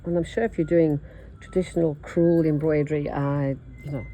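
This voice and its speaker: A woman's voice: low-pitched, little pitch movement, a little fast, warm tone, slight background noise, rough recording. An older Australian woman with a nasal voice, chatting in a rambling way while she stitches and teaches embroidery. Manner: rambling, chatty, thinks aloud. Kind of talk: casual chat while stitching.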